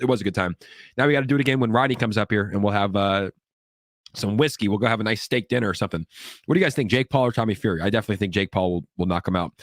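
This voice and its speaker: A man's voice: on the low side, dry recording, clean studio sound. A man hosting a casual crypto livestream, upbeat and hyped as he reads viewer comments, sick and coughing now and then. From California.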